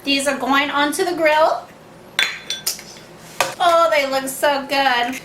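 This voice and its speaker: A woman's voice: sits high, steady tone, slow, echoey room, noisy background. A woman doing a bubbly Harley Quinn. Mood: playful. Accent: put-on Harley Quinn Brooklyn-style accent.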